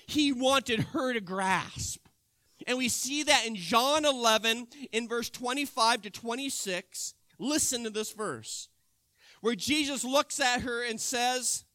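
A man preaching a sermon, retelling a scripture story with animated storytelling and emphatic bursts. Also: very high voice, dry recording, studio quality.

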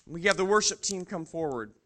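A man's voice: high-pitched, lively intonation, fairly quick, sharp tone. A male pastor preaching a sermon to his congregation, swelling with emphasis on key phrases.

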